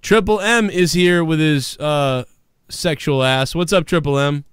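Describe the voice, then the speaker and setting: Profane, excitable male stream host. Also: on the high side, unhurried, a little hiss or hum. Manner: profane, excitable, shouts mock screams. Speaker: livestream show host. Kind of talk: casual live-stream chat.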